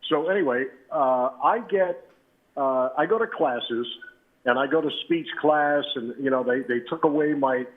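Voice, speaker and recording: A man in his seventies, a veteran radio announcer, relaxed and anecdotal as he tells stories as an interview guest. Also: medium pitch, moderate pace. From New Britain, Connecticut. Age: 70s. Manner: relaxed and anecdotal, with frequent "uh" and "you know". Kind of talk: reminiscing storytelling. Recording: tinny phone line.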